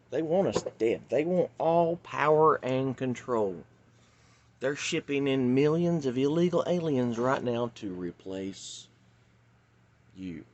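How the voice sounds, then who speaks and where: A man delivering an urgent, pleading monologue that swings between loud outbursts and hushed warnings. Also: medium pitch, lo-fi sound. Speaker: vlogger. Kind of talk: impassioned monologue.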